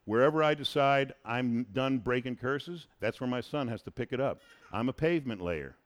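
A man talking in a lively, preachy way on a faith-centered show. He hammers his points by saying them again and again. His pitch sits in an ordinary middle range. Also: normal speed. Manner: animated, preachy, repeats phrases for emphasis. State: married, has a son. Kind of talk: casual faith-based chat.

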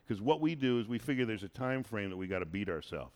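A married man hosting a casual faith-based chat, who talks in an animated, preachy way and repeats phrases for emphasis. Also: fairly low pitch, fast talker. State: married, has a son.

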